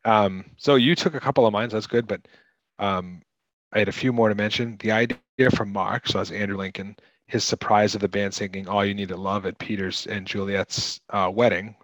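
An American man co-hosting a casual film discussion, chatty, often restarting and clearing his throat. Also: fairly low pitch, steady tone, brisk, a bit bright, no room sound, low-quality recording. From United States. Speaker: podcast co-host.

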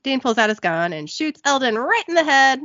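A podcast host with a high, brisk voice giggles her way through a lively recap of a TV episode in casual chat. The sound has no echo and the highs are cut off.

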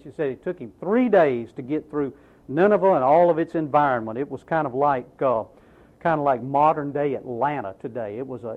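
Animated male preacher, tinny phone-like sound. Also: fairly high pitch. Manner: animated, emphatic preaching with rhetorical questions. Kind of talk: sermon.

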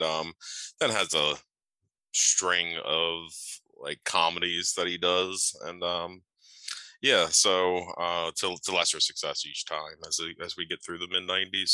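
A man co-hosting a casual movie podcast, his voice deep and forceful. He drives the conversation with prompting questions, his speech full of "like" fillers. The recording is dry and close, with no echo. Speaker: podcast co-host.

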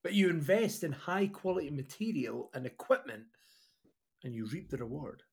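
Lively man joking around. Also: a little high, moderate pace, creaky, husky. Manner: laughing, joking banter. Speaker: podcast co-host and home brewer. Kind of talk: casual chat.

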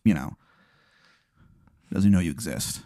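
A man's voice: deep voice, lively intonation, fast, dark tone, dry recording, studio quality. A man improvising as game master, rambling through the story with fillers and laughs. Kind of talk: improvised tabletop narration.

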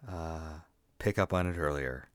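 A man's voice: a bass voice, a little slow, no room sound, studio quality. A man co-hosting a casual book podcast, easygoing, laughing often and reading passages aloud. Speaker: podcast co-host.

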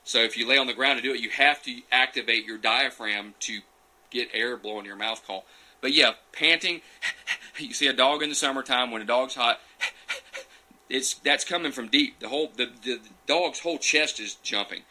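A man's voice: medium pitch, normal speed, bright, forceful tone. A man hosting a casual live Q and A, chatting folksily and greeting viewers by name from his couch. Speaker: livestream host answering viewer questions. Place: small room, on a futon couch.

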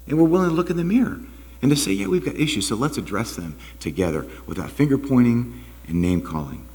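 A man preaching a sermon as pastor, with animated delivery, rhetorical questions and quiet asides. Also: medium pitch. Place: church sanctuary. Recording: long reverb of a church hall.

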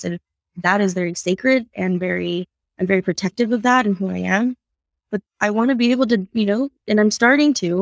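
A woman's voice: mid-range voice, no echo, clean studio sound. Woman from San Antonio telling stories. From South Side of San Antonio, Texas. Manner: animated storyteller who acts out voices in quotes. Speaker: podcast guest. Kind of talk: casual conversational interview.

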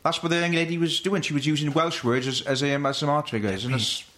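A man's voice: a little high, fairly even intonation, fast, fairly bright tone. A man hosting a casual comedy chat, explaining at length with restarts and frequent laughter.

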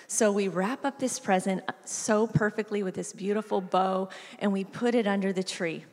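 A woman's voice: mid-range voice, normal speed. A woman giving a sermon, telling a family story and acting out the voices in it. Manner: storytelling, acts out voices with animated shifts. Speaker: preacher. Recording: reverberant hall.

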